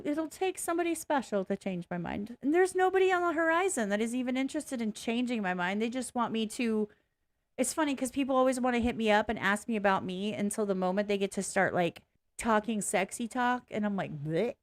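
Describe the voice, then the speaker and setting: A woman with a fairly high voice gives blunt, candid commentary in a casual vlog. She rambles, swears without a second thought and cuts herself off mid-sentence. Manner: blunt, frank, swears freely; rambling, self-interrupting. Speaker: reaction video host.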